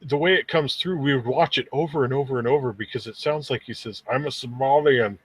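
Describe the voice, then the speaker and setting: A man's voice: mid-range voice, fast talker, a bit bright. A man hosting a casual podcast chat, rambling easily through stories with stammers and restarts.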